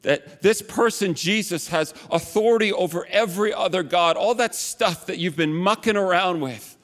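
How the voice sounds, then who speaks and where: A man with a notably high voice delivers a relaxed, conversational sermon, drifting into joking asides about himself. His words ring out with a long reverb, as though from a large church sanctuary. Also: moderate pace. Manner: chatty, with self-mocking asides. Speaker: pastor.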